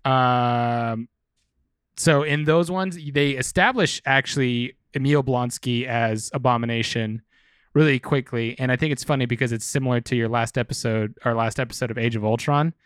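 A man's voice: mid-range voice, moderate pace, smooth, dry recording, studio quality. A man co-hosting a podcast, chatting casually and rambling, with some swearing. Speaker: podcast co-host. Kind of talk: casual chat about comics.

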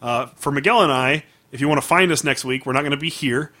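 A man hosting a podcast, in a relaxed, upbeat way with plenty of filler words. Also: mid-range voice, quick pace. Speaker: podcast host. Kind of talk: casual podcast chat.

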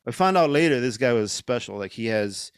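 A man's voice: mid-range voice, lively intonation, a little fast, smooth, dry recording, clean studio sound. A middle-aged man, a podcast guest, telling a story casually with lots of fillers and swearing. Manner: rambling, profane, lots of fillers.

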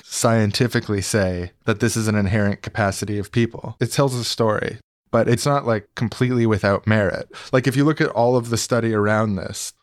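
A man's voice: fairly low pitch, no echo, studio quality. A man co-hosting a podcast in casual, amused chat, full of "like" fillers. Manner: chatty, amused, many "like" fillers. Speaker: podcast co-host.

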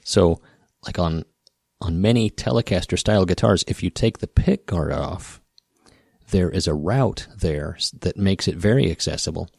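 A man's voice: low voice, moderate pace, vocal fry, darkish tone, breathy edge, no room sound, clean studio sound. A man with a rural Western Midwest American accent hosting a podcast, rambling and wry, often breaking off and restarting. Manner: rambling, self-interrupting, wry. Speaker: podcast host. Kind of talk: casual podcast talk.

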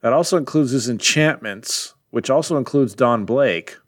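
A man's voice: mid-range voice, moderate pace. A man co-hosting a podcast, talking about a comic in a musing, hedging way with lots of fillers. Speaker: podcast co-host. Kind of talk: casual chat.

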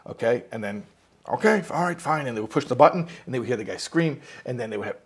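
Husky man teaching in a loose storytelling way. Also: medium pitch, racing. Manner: animated storytelling, acts out quotes; rambling with restarts and asides. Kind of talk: informal spoken lesson.

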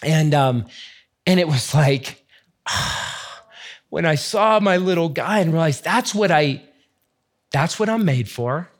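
Middle-aged man, somewhat high-pitched, earnest and emotional, heartfelt teaching talk. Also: expressive, slow pace, pauses often. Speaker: faith teacher sharing testimony.

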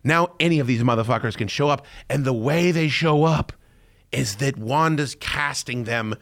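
A man hosting a podcast in casual chat, excitable and profane, often breaking into loud shouting. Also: mid-range voice, moderate pace. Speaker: podcast host.

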